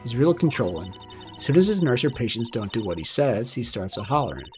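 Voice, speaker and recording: A man's voice: medium pitch, big pitch swings, fairly quick, darkish tone, soft background music, lightly acted. A man reading the part of a brash, blunt-talking country woman photographer in a game, in folksy phrasing.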